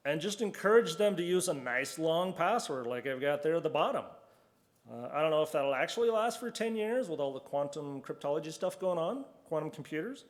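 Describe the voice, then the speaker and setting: A man giving a casual conference talk, chatty and acting out quoted reactions in a conference hall. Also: on the high side. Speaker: conference speaker.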